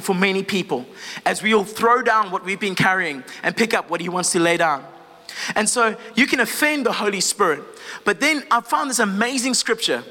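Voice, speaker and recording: A man's voice: high voice, sharp tone, in a large hall. A man preaching a sermon in a church service, impassioned, often rising into fervent prayer and checking in with the congregation. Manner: asks the congregation questions, casual asides. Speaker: pastor.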